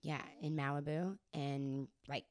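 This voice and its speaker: A young woman with a raspy voice, a guest singer-songwriter telling her story in a casual interview and laughing often. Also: low voice, steady tone, measured pace.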